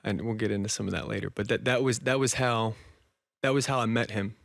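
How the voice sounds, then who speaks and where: A man's voice: fairly low pitch, steady tone, quick pace, creaky, no echo, studio quality. Earnest young man telling his story. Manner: earnest and emotional, laughs often, says "dude" and "man". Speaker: podcast guest. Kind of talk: casual interview storytelling.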